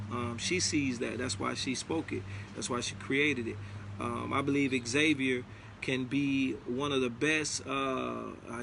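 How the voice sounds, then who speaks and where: Bright-voiced man giving a pep talk. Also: mid-range voice, creaky, slight background noise. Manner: repetitive, preachy, emphatic. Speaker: motivational speaker. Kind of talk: casual motivational talk.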